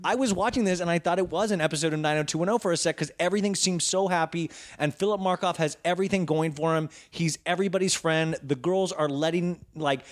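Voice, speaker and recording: A man who acts for a living chats as a podcast guest. His voice sits a little high, and he jumps between excited retelling and quick impressions of characters and sound effects. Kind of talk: casual chat.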